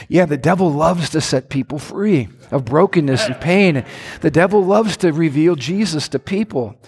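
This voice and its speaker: A middle-aged man with a somewhat high voice preaches a sermon as a pastor. He tells stories with an animated delivery, his pitch swinging up and down, and often asks his congregation questions. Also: normal speed, slightly rough.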